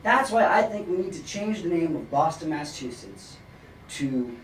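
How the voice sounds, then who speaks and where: A middle-aged man doing a stand-up comedy set in a club, with a dry, rambling deadpan delivery and many pauses. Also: fairly high pitch, a loud crowd. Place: comedy club stage with live audience. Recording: roomy club sound from a distant mic, noisy. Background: audience laughter.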